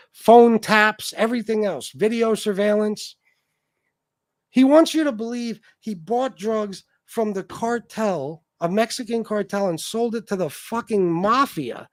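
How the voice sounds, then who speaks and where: Heated male livestream host, high voice, swearing rant, dry mic. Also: no room sound. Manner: profane, heated, repetitive. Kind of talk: ranting livestream commentary.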